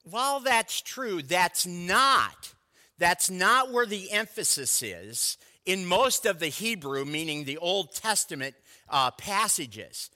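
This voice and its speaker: A man's voice: high voice, big pitch swings, slow, sharp tone, long reverb tail. An older man, a pastor of over thirty years, preaching a sermon in a conversational, storytelling way with asides to the congregation.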